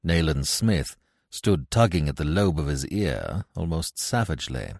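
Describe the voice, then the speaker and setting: A man giving scripted narration of a classic tale in a measured, expressive way. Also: very deep voice, vocal fry, dry recording, studio quality. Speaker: audiobook narrator.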